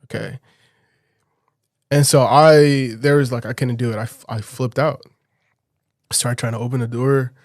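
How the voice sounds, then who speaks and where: A man recounts a personal story in a relaxed podcast conversation. His voice sits in a middle register. It is recorded close and dry, with almost no room sound, and he laughs often as he talks. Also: medium pitch, measured pace, long pauses, dry recording. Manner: animated, laughs often while telling a story. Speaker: podcast guest. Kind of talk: casual storytelling.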